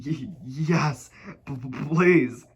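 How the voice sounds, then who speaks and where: A man's voice: sits high, fairly even intonation, normal speed, sharp tone, dull audio. A man voicing a timid, easily panicked little storybook man who shrieks and stammers in fright. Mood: stammering. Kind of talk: storybook read-aloud.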